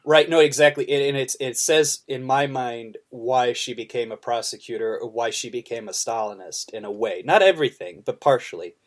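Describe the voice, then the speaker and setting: A man with a mid-range voice picks his way through ideas about a film on a podcast. He hesitates, fills pauses and restarts his sentences as he thinks aloud. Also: mid-range voice. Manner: thoughtful, hesitant, many fillers and restarts. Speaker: podcast co-host. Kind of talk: casual film discussion.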